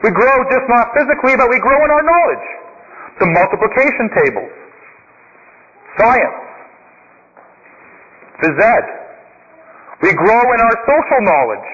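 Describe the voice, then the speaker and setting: A male preacher with a high, bright, forceful voice delivers a sermon in rhythmic lists and stories. He sounds like he is in a church, with a long reverb, and the recording is dull. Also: big pitch swings, a little slow, long pauses.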